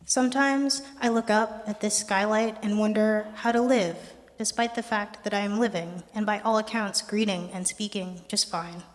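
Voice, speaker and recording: A young adult poet giving a poetry reading with a wry, conversational, deadpan delivery. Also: mid-range voice, normal speed, few pauses. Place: art gallery performance space. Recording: long reverb of a gallery hall.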